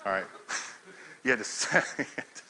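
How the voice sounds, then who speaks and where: A middle-aged man giving a talk to an audience, telling a profane, laughing story in an animated way. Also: measured pace, rough recording. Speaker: powerlifting coach giving a talk.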